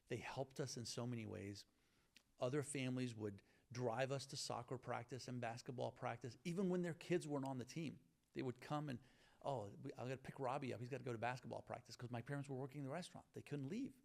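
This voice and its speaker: Earnest man with a gravelly voice. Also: mid-range voice, a little mellow. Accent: Southern US (Virginia). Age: middle-aged. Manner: earnest, grateful, with frequent restarts. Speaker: guest. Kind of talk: conversational interview storytelling.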